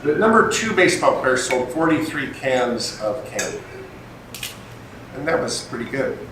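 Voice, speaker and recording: An older man giving a storytelling talk to a group, animated and acting out the dialogue in his anecdotes. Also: medium pitch, measured pace. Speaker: guest speaker. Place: meeting room with an audience. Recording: echoey room, distant mic, faint noise.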